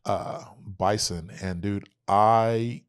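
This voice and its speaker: A young adult man, a podcast guest, telling an animated, profane story and acting out quoted dialogue. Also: fairly low pitch, extremely slow, smooth, no room sound, clean studio sound. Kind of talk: casual storytelling.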